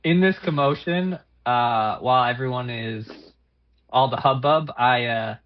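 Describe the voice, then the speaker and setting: A man plays a tabletop game, describing his character's moves in a casual, hesitant way. His voice sits at an ordinary pitch. The sound is dull and lo-fi. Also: unhurried. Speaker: player. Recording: dull lo-fi recording.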